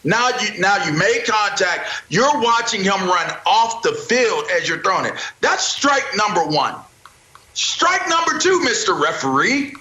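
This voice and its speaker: Brief: male sports debater, bright and tense, swooping lively pitch, echoey room. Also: measured pace, few pauses. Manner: emphatic, repetitive, preacher-like build-ups.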